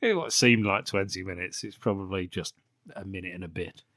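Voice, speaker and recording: A man's voice: low-pitched, brisk, fairly bright tone, no echo, studio quality. A man hosting a podcast, sarcastically recapping a bad film with frequent swearing and laughter. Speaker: podcast host.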